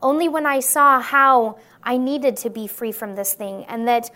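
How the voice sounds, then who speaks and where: A woman's voice: on the high side, measured pace, bright, forceful tone. A woman giving an earnest, testimony-style sermon to an audience, often checking in with listeners by asking "right?". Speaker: Christian speaker.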